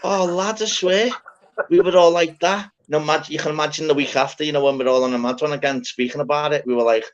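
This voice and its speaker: A man's voice: on the high side, steady tone, fast, lo-fi sound. A man from Scotland telling a rambling, swear-filled party story in casual chat, repeating "lad" as he goes.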